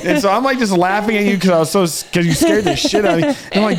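A man's voice: high-pitched, very fast, hardly any pauses. A man co-hosting a podcast, telling rambling stories in casual chat with a lot of laughter. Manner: rambling, animated storytelling with laughter. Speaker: podcast co-host.

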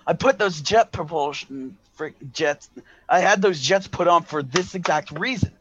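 A man's voice: on the high side, normal speed, a bit bright, close to an everyday voice. A man voicing a bossy, short-tempered woman director. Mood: impatient, commanding. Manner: barking orders, exasperated. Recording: dull lo-fi, dry.

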